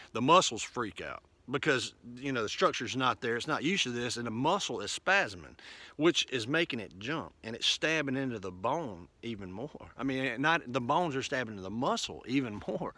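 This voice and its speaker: A man's voice: medium pitch, pushed and bright, dry recording. A man, a truck driver telling a personal story in a casual, rambling way, often restarting and acting out what others said. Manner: rambling with restarts, acts out quoted voices.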